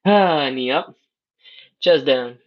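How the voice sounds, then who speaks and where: Male mobility coach, mid-pitched, calm live cueing, lo-fi stream audio. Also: slow. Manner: calm, coaching, counting breaths and reps. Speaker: stretching instructor. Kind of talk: live workout instruction. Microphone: livestream setup.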